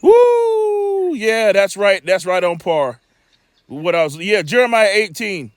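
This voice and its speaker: A man's voice: high voice, moderate pace, smooth, no room sound. A man teaching scripture in a loose sermon style, rambling and emphatic, with lots of stammering restarts and streetwise asides.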